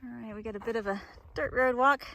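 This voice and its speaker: A cheerful, chatty woman narrates her mountain-trail hike into a handheld camera, laughing often. Her voice is high, bright and forceful, she talks fast, and there's no room sound.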